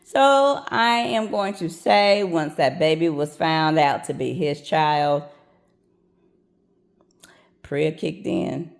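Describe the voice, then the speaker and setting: A woman's voice: low voice, takes it slowly, few pauses. A woman who works as a prison nurse, telling a story in a blunt, sassy, profane way and acting out what people said. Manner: sassy, blunt and profane, acts out quoted lines. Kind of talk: casual storytelling vlog.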